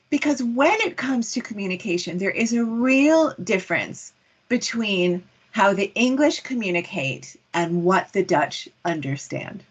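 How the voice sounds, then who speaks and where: A woman speaks as a communication coach in an online workshop, with an animated, wide-ranging pitch. Her voice is slightly husky and breathy. She keeps asking rhetorical questions to draw listeners in. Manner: lively, poses rhetorical questions.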